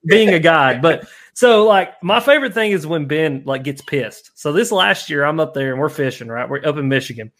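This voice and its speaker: A man's voice: fairly high pitch, normal speed. A man hosting a casual fishing live stream, rambling and laughing as he tells stories. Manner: rambling, laughs often, animated storyteller. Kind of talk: casual chat.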